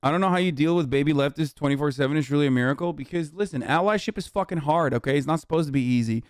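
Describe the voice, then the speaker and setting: Profane, heated streamer man, crisp dry voice. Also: on the high side, very fast, no room sound. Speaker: streamer host. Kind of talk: casual livestream commentary.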